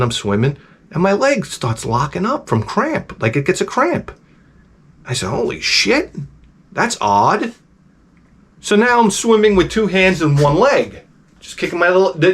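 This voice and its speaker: A man telling a personal story in a casual, rambling, animated way, with swearing and restarts. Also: fairly high pitch, husky. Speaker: host.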